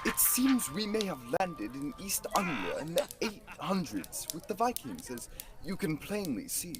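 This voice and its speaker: A young woman plays a talking magic book in a school radio drama, helpful and a little wry. The voice swings widely in pitch as it explains, with music playing underneath. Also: big pitch swings, measured pace. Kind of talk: student radio theatre.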